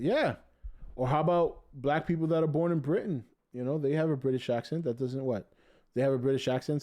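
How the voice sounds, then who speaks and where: A man with a warm, mid-range voice hosts a casual podcast. Laid-back and jokey, he reads viewer comments aloud and banters with the chat.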